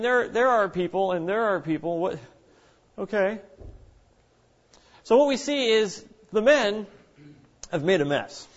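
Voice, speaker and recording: Animated preacher man, lo-fi sound. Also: high voice. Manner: animated, acts out quoted voices. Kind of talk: sermon. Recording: dull lo-fi recording.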